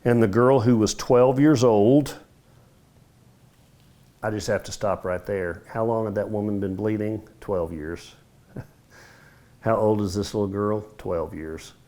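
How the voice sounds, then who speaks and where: A middle-aged man teaching a Bible study, telling the story vividly and acting out the dialogue, his voice swinging between loud and hushed. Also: on the low side, steady tone, slow, pauses often. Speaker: men's ministry Bible teacher.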